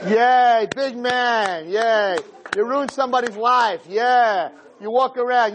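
A man, a rabbi, giving an animated, joking talk to teenagers and acting out little scenes as he goes. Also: extremely high pitch, slow, few pauses. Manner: acts out voices of boys and girls, jokey, punchy.

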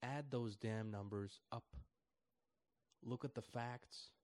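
A man giving an animated political commentary rant. He swings from loud and emphatic to soft, and jumps high when he mocks other people's voices. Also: takes it slowly, dry recording.

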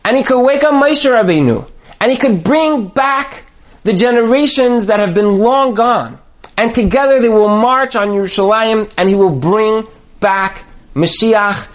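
A man giving a sermon on marriage, telling parables dramatically and building to emphatic, near-shouted points. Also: high-pitched, a little slow. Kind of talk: sermon with storytelling.

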